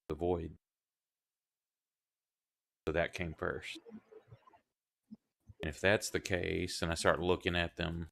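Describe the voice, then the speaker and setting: A man playing in a tabletop game, thinking aloud as he works through a puzzle. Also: low voice. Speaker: player. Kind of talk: casual tabletop play.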